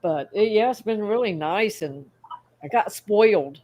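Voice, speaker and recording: A woman's voice: medium pitch, lively intonation, unhurried, dull audio. A woman co-hosting a casual livestream, easygoing, laughing between her words. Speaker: co-host of a fish-keeping livestream. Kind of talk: casual chat.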